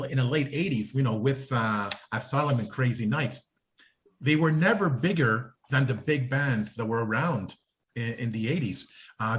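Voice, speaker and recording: A man's voice: mid-range voice, a bit bright. A man on a podcast panel, giving blunt and strongly opinionated views in a casual talk.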